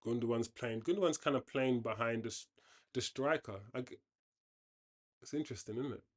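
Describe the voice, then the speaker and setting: A man hosts a football watchalong and chats casually about the match. He is opinionated and restarts his sentences often. His voice sits at an everyday middle pitch. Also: fairly quick. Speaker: watchalong host.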